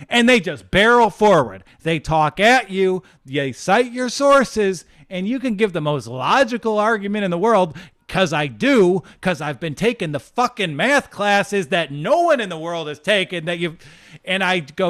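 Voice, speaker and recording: A man's voice: high voice, very animated, moderate pace, fairly bright tone, no echo. A man co-hosting a comedy podcast, ranting in an emphatic, exasperated and profane way into a studio mic. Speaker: podcast co-host.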